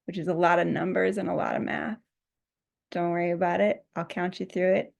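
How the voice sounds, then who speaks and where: A woman leading a guided breathing and self-massage meditation as the teacher, speaking softly and gently, and laughing easily at her own slips. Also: on the low side, steady tone, brisk, creaky. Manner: soft, gently guiding, laughs at herself.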